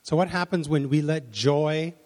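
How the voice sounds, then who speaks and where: A man's voice: a little high, normal speed, darkish tone. A man preaching a sermon, telling a story in a rambling, self-correcting way and acting out the voices of the people in it. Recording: long reverb of a large hall.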